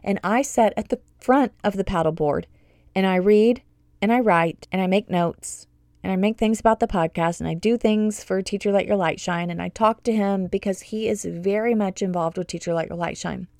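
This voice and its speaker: Gushing upbeat woman with a mellow voice. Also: mid-range voice, normal speed, dry recording, studio quality. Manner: gushing, upbeat, rambling with excited asides. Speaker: podcast host and homeschool business coach. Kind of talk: casual podcast monologue.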